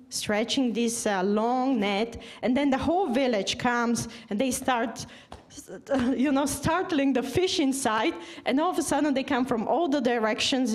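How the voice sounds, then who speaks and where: A woman doctor gives a casual, chatty testimony at a church gathering, full of filler words and little scenes she acts out. Her voice sits high for a woman. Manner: chatty, animated, acts out dialogue.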